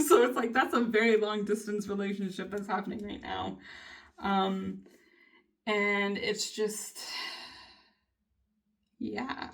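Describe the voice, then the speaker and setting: A woman vlogger with a mid-range voice talks casually in diary style, recorded on a distant mic. She's candid and swears freely as she vents, breaking into bursts of laughter.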